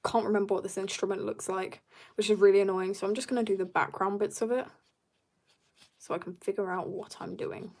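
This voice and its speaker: Woman, art livestreamer, casual drawing chat, bubbly, jokey, creaky fry, mid pitch. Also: steady tone, a little fast, darkish tone. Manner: bubbly and chatty, reading viewer comments and joking.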